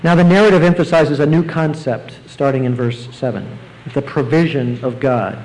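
A man preaching a sermon, explaining scripture verse by verse and rising now and then to emphatic, excited bursts. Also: medium pitch, moderate pace, low-quality recording. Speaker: pastor.

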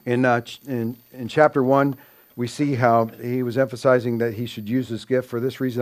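A man with a medium-pitched, darkish voice preaches an expository sermon. He teaches earnestly, with frequent fillers and restarts, and raises his voice to stress quoted scripture.

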